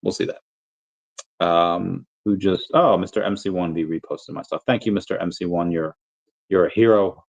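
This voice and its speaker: Man, livestream host, casual rambling chat, lots of fillers and restarts, lowish voice, muffled audio. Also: fairly even intonation, moderate pace, gravelly. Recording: dull lo-fi audio.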